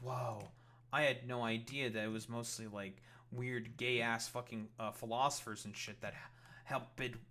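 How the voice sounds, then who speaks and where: A man's voice: medium pitch, pushed and bright. A man ranting in a reaction commentary, profane and rambling with many fillers.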